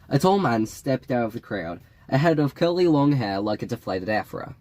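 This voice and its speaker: Man, audiobook narration, wry and measured delivery, mid-range pitch, dry close recording. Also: very animated, a little mellow, no room sound. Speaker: audiobook reader.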